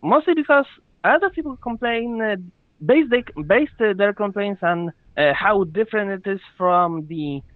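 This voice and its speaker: A man speaks haltingly and fills his pauses with frequent "uh"s. His voice is fairly high for a man. It comes through a tinny, dry, phone-like line. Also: no echo. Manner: hesitant, many "uh" pauses. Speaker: podcast co-host. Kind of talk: casual podcast chat.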